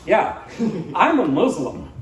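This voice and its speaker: A man's voice: a little high, wildly swooping pitch, slow, roomy sound, distant mic, poor audio. A man doing live stand-up at a small cafe, rambling with many fillers and restarts. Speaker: stand-up comedian. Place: small cafe venue, indoors.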